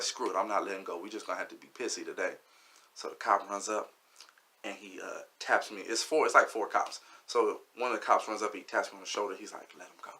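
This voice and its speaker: A man, a comedian, telling a real-life story in a casual, slangy way and acting out the quotes. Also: lowish voice. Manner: animated, acts out quotes, slangy.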